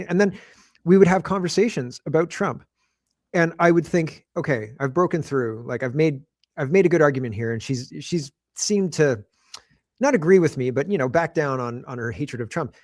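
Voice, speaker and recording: Animated higher-voiced man on a call. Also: no echo, studio quality. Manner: animated, interrupts, laughs often. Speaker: podcast co-host. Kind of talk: casual political chat.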